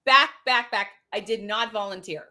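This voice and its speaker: A woman in her forties co-hosting a podcast, telling a story in a casual, animated way, full of fillers and restarts. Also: mid-range voice, normal speed. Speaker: podcast co-host. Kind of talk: casual chat.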